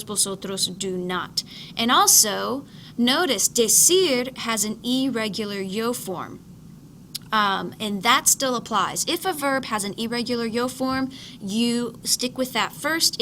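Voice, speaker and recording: Her voice sits fairly high and has a sharp tone, with slight noise behind it. She's a Spanish teacher recording a slide lecture, patiently explaining, restating key points, and modeling every word's pronunciation.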